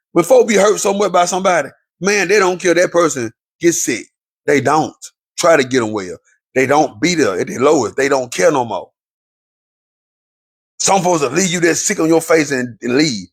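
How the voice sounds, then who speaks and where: This man's voice sits on the high side with a slight roughness. Speaking as a relationship commentator, he addresses viewers in a fervent, sermonizing way and drives his points home by repeating them.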